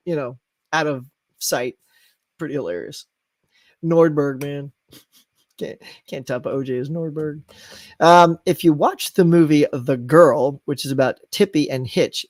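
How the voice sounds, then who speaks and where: A man's voice: on the high side, no room sound, clean studio sound. A man hosting a live movie chat show, reading viewer comments and rambling animatedly through his tangents.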